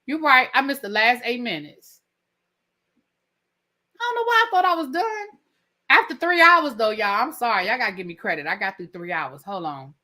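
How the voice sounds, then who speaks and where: A woman reviewing reality TV live, talking straight to her chat in an indignant, animated way. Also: fairly high pitch, normal speed. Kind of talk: live-stream rant.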